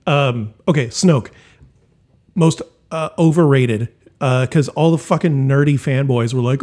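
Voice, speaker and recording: A man's voice: mid-range voice, unhurried, a little mellow. A man chatting casually about movies on a podcast, blunt and profane, with a mocking edge. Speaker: podcast co-host. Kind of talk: casual chat.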